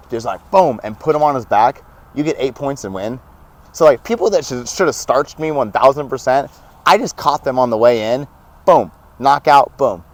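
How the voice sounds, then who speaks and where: A young man telling stories as a podcast guest, animated and laughing often, acting out what others said. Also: mid-range voice. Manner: animated, laughs often, acts out quoted dialogue. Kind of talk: casual storytelling.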